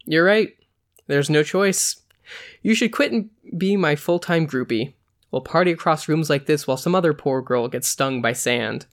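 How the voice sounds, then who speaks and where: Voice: mid-range voice, moderate pace, natural voice. A podcast host reading a story aloud, voicing a young male musician in a dry, teasing tone close to their own voice.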